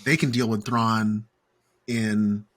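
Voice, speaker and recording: A man co-hosting a casual fan podcast, animated, laughing often and trailing off in fillers. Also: lowish voice, takes it slowly. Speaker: podcast co-host. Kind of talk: casual chat.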